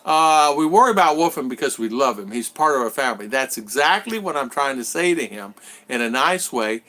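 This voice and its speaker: Bright, chatty man hosting a livestream. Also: medium pitch, lively intonation, fairly quick. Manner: rambling, chatty, repeats himself. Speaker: livestream host. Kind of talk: casual live-stream chat, reading viewer comments. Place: bedroom at home.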